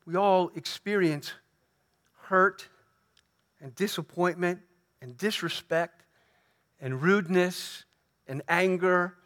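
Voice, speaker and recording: A man with a high-pitched voice delivers an earnest Sunday sermon from the pulpit. He presses his points by repeating phrases and slowing down to lean on quoted lines. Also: a bit bright. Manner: earnest preaching with emphatic repeated phrases and slow stressed quotes. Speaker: pastor. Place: church sanctuary.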